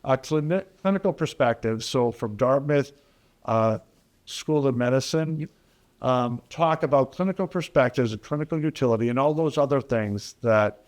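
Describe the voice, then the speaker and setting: A man speaking at a public hearing in a halting way with fillers. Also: medium pitch, darkish tone. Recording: from far off the mic.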